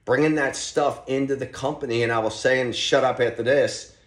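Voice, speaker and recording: A man talking as a podcast guest, telling stories in an animated, motivational way with loose restarts. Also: medium pitch, fairly quick. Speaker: podcast guest, real estate team leader. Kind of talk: podcast conversation, storytelling. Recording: roomy echo.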